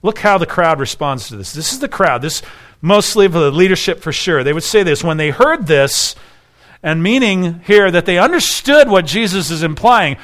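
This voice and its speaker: A man's voice: sits high, lively intonation, normal speed, fairly bright tone. A man preaching an expository sermon as pastor, emphatic and full of rhetorical questions.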